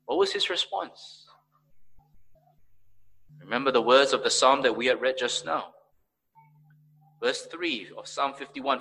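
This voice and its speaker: A man preaching a sermon as pastor, swinging between emphatic raised peaks and quiet, low passages. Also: moderate pace, long pauses, husky, rough recording.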